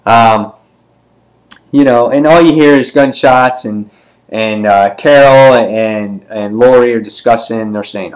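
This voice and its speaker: A man casually reviewing a comic book issue, with many ums and quick character voices as he retells the scenes. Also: lowish voice, fairly even intonation, low-quality recording.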